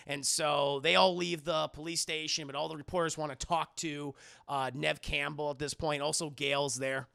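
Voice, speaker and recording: A man's voice: on the high side, moderate pace, gravelly, clear, resonant tone, no room sound, studio quality. A man casually recapping a film on a live stream, swearing freely and talking to his chat. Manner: profane, animated, addresses chat.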